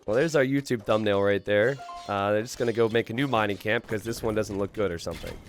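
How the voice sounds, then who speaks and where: A male game commentator whose voice sits at an ordinary mid pitch but swings widely up and down as he reacts. He talks casually and excitably, laughs easily and breaks into sudden exclamations. He keeps turning to his viewers with questions. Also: slight background noise. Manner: chatty, asks the viewers questions. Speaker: game commentator and channel host.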